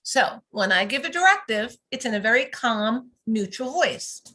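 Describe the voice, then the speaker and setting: A woman with a slightly high voice teaches parents in a calm, instructive way. She speaks over a video call. Her tone stays measured and clear. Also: low-quality recording. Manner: calm and instructive, lively when modeling praise. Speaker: parent coach. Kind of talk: teaching talk on live video.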